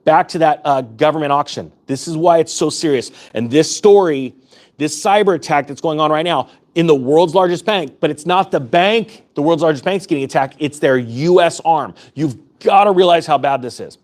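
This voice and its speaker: A YouTube host with a fairly high voice delivers urgent, fired-up finance commentary straight to camera at a normal speed. His impassioned talk repeats points for emphasis.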